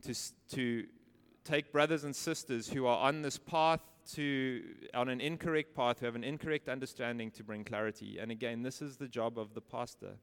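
Male preacher, smooth resonant voice, emphatic sermon delivery, long hall reverb. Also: mid-range voice, steady tone, moderate pace. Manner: emphatic, rhetorical questions, repeats key phrases.

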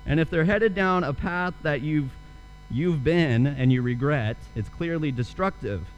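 A man's voice: a little high, measured pace, muffled recording, slight background noise. A young man preaching a sermon, telling a story and then asking earnest rhetorical questions. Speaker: pastor.

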